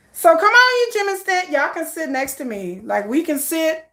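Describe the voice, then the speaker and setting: A woman's voice: extremely high pitch, very animated, measured pace, pushed and bright. A woman vlogger chatting casually to her viewers in a playful, joking way, laughing often. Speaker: K-pop news vlogger. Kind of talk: casual chat to camera.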